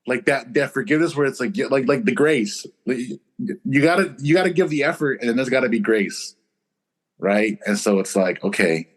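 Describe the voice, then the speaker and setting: A man co-hosting a podcast, chatting casually in a rambling way full of fillers. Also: mid-range voice. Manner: rambling, filler-heavy with lots of "like". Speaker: podcast co-host. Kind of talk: casual chat.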